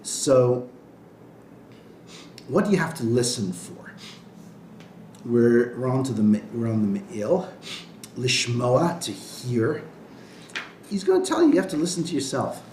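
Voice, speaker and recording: A man's voice: mid-range voice, very animated, a little slow, pauses often, a little mellow, slight background noise. Man teaching a class in a roomy room. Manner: conversational, checks in with "right?". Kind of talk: informal classroom lecture. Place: classroom with students.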